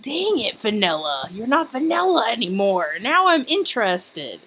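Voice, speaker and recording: A woman's voice: fairly high pitch, sing-song, moderate pace, a bit bright, slightly rough. A woman giving casual, giggly commentary while playing a video game, exclaiming and joking as she goes. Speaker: let's play host.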